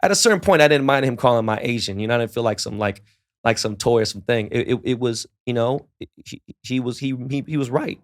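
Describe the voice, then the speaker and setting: A man's voice: medium pitch, lively intonation, quick pace. A middle-aged man, a podcast guest telling laid-back, profane stories and acting out the dialogue in them. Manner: profane, laid-back storyteller who acts out quoted dialogue. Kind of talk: casual storytelling in a podcast interview.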